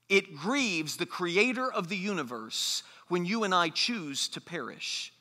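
A man's voice: high-pitched, animated, measured pace, few pauses, sharp tone. A man from the United States preaching a sermon as pastor, earnest and emphatic, slipping into mocking quoted voices. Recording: long hall reverb.

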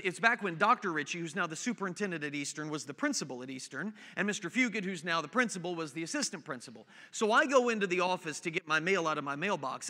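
Man preaching, high bright voice, conversational storytelling sermon. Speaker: pastor. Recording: hall reverb.

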